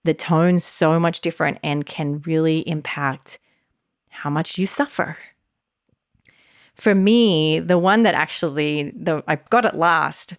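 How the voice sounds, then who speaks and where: A woman hosting a solo podcast in a casual, animated way, with lots of fillers. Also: fairly low pitch, no echo, studio quality. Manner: casual, warm and animated, many "like" and "you know" fillers. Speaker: podcast host.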